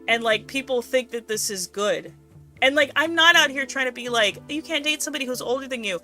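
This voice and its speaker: A woman's voice: sits high, fairly quick, bright, forceful tone, soft background music. A woman streaming a game, ranting casually and swearing a lot in exasperation. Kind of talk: casual let's-play commentary.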